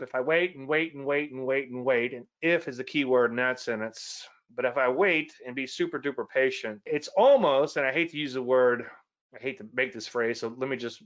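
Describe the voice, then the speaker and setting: A man's voice: mid-range voice, a bit bright. A man giving a casual trading lesson, chatty and rambling, often correcting himself mid-sentence. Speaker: trading educator. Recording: slightly dull lo-fi audio.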